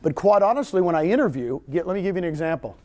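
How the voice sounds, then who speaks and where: A middle-aged man with a Texan accent, giving an animated seminar talk to a room of agents and joking with them. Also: sits high, very fast. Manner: animated storyteller, jokes with audience. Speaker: real estate trainer. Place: meeting room with audience.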